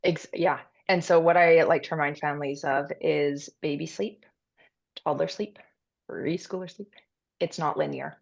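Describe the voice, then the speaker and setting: A woman guest on an interview podcast, explaining parenting advice in a calm, instructive and reassuring way. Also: low voice, moderate pace, vocal fry, muffled recording. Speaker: pediatric sleep consultant guest.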